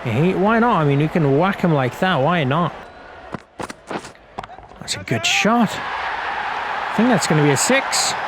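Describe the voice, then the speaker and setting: A man's voice: a little high, very noisy. A young man giving chatty, self-mocking commentary over a cricket video game, laughing often. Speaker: gaming commentator.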